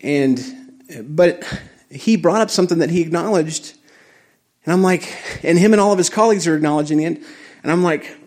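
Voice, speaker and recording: A middle-aged man telling a personal story in a casual, animated way, acting out his own reactions. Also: a little high, a little fast.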